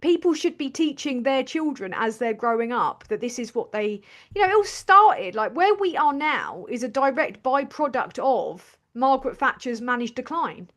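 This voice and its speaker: A woman's voice: high voice, expressive, normal speed, fairly bright tone. A woman hosting a livestream, talking in a blunt, sweary, ranting way about politics. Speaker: livestream host. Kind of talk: casual political chat.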